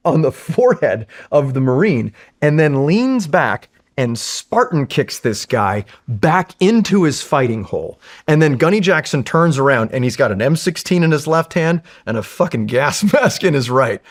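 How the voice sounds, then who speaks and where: A man from California, a Marine veteran, tells war stories in a casual interview with animated, profane energy. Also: on the high side.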